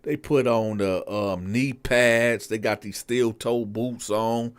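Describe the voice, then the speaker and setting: A man's voice: medium pitch, steady tone, takes it slowly, smooth. A man and show host telling a prison story in a casual, slangy way, speaking straight to his listeners.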